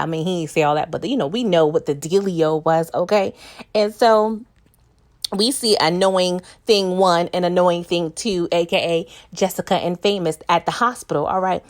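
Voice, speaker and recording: A woman's voice: fairly low pitch, moderate pace. Chatty woman recapping a TV episode. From New York. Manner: chatty, laughs often, addresses viewers as "y'all", acts out characters' lines.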